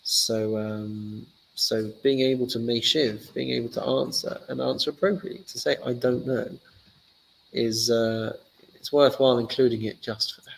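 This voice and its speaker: A man's voice: mid-range voice, steady tone, moderate pace, vocal fry, a little hiss or hum, poor audio. A man, a rabbi giving a casual lesson, telling stories in a chatty, joking way. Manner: chatty, joking, loose storytelling. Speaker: rabbi teaching a class.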